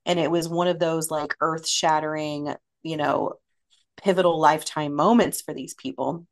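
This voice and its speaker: Woman, podcast host, casual storytelling, slightly low voice, chatty with fillers. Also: normal speed. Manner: chatty, relaxed, with fillers and laughs.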